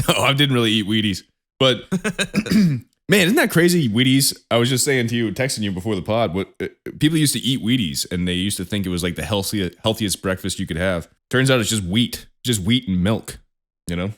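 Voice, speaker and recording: A man's voice: fairly low pitch, animated, a bit bright. A young man co-hosting a podcast in casual, laid-back chat, often chuckling. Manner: laid-back, chuckling, quick rattled intro. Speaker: podcast co-host.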